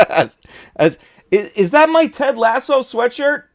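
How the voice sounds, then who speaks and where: Gaming streamer, male, lively delivery, dry close-miked sound, chatty and excitable. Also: very high voice, slow, dry recording. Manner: excitable, laughs often, talks to chat. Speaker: gaming channel host. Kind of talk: casual live-stream chat. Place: home room.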